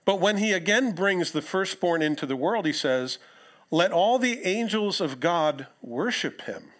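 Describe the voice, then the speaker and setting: A man preaching a sermon in church, reading scripture aloud with lively emphasis and casual asides. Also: sits high, unhurried. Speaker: pastor.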